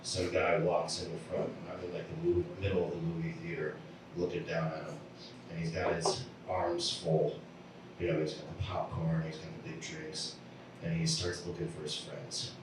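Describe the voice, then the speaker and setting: A man doing a stand-up set, telling stories in a deadpan way and acting out the people in them. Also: deep voice, moderate pace, noisy background. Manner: deadpan storytelling with acted-out voices. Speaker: stand-up comedian. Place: comedy venue. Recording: echoey room from a distant mic.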